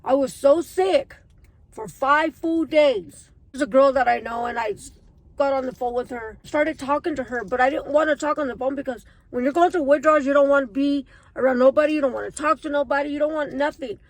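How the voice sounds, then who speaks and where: A woman in her thirties with a fairly high voice, telling her personal story straight to her viewers. She talks in an earnest, emotional way, as if confiding in friends. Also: fairly quick, no echo, low-quality recording.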